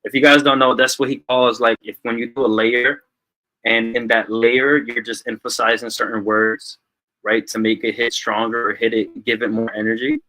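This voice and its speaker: A man's voice: medium pitch, little pitch movement, moderate pace, sharp tone, low-quality recording. A man hosting a livestream music review, giving casual feedback with lots of filler words over a video call. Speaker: music review show host.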